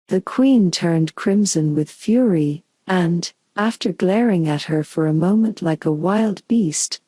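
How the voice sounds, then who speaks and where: A woman narrating a bedtime storybook in a calm, soothing, unhurried way. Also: lowish voice, no room sound. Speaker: audiobook narrator.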